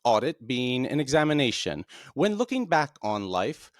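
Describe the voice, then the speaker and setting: A man hosting his own show, explaining texts in a plain, deliberate way. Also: no echo, studio quality. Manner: plain, deliberate explaining with lively pitch swings. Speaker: podcast host. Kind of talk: explanatory monologue.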